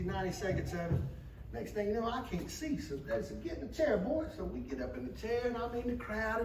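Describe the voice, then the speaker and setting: A man's voice: extremely high pitch, background noise. A man telling a story live in a folksy, emphatic way. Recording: echoey room, distant mic, loud audience.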